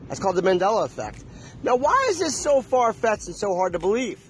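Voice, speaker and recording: A man's voice: high voice, big pitch swings, brisk, slight background noise. A man talking straight to his viewers in a casual, emphatic monologue, repeating himself and throwing questions at the audience. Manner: emphatic, repetitive, preachy, asks the audience questions. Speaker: vlogger.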